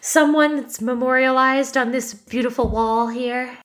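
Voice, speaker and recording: A woman's voice: high-pitched, steady tone, measured pace, a bit bright, pitched above the performer's own voice. A woman voicing a bubbly young woman who poses as a campus visitor, chirpy and a little flustered.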